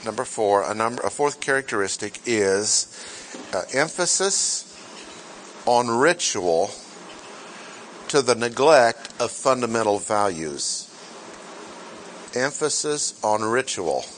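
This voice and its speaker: A male pastor teaching through scripture at an unhurried, measured pace. He speaks in a mid-range voice, repeats his key points and asks his listeners rhetorical questions. Faint ambient noise sits behind him. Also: mid-range voice, expressive, a bit bright. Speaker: pastor teaching a Bible class. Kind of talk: sermon-style Bible teaching.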